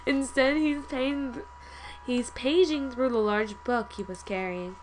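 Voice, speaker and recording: A woman's voice: on the high side, slow pace, a little hiss or hum, poor audio. A woman reading a story game aloud with chatty asides, often stumbling and correcting herself. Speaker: let's play host.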